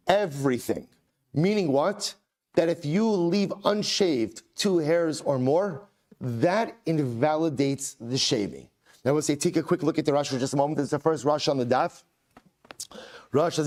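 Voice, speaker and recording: A man teaching a Talmud class as a rabbi, emphatic, repeating rhetorical questions and slowly chanting Aramaic phrases. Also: mid-range voice, animated, darkish tone.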